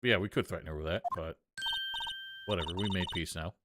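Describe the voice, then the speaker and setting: A man's voice: deep voice, a little fast, heavy background noise. A man streaming a game live, chatting casually with sarcastic, joking asides. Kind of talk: live game playthrough commentary. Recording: game music behind.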